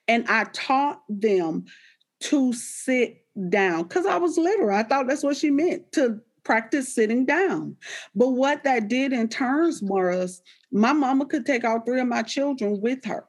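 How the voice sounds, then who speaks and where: A woman, animated and laughing as she tells stories about raising her children in a candid conversation. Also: fairly high pitch, measured pace. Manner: animated storyteller, quoting herself to her kids, laughs often.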